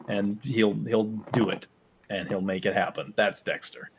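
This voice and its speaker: A male podcast co-host jokes around in casual chat, slipping into goofy quoted voices. His voice is fairly low and steady, at a moderate pace, with slight background noise.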